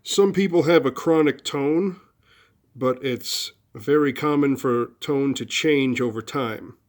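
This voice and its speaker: Guy explaining a psych idea to the camera, mid pitch, lots of uh and restarts. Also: slow pace. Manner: conversational, with frequent fillers and restarts. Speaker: video host. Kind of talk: casual explanatory talk.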